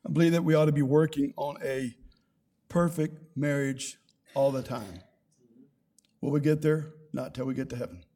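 A man's voice: mid-range voice, moderate pace, pauses often, dark tone. An older man, a pastor, preaching a sermon with rising emphasis and quoted scripture.

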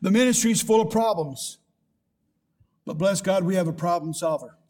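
High-voiced older male pastor preaching. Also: normal speed, darkish tone. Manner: preaching with rising emphasis and scripture quotes. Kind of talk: sermon.

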